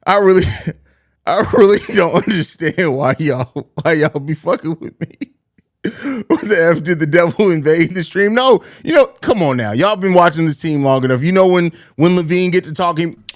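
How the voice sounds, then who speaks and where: A man's voice: a little high, expressive, moderate pace. Laughing man hosting a sports stream. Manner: laughs often, slangy banter. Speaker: podcast host. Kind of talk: live stream pregame chat.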